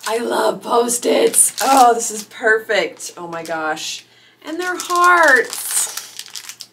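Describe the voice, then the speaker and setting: A middle-aged woman vlogging as an author YouTuber, gushing and squealing with excitement while unboxing gifts, teary-eyed. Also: on the high side, very slow, slight background noise. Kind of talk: unboxing vlog.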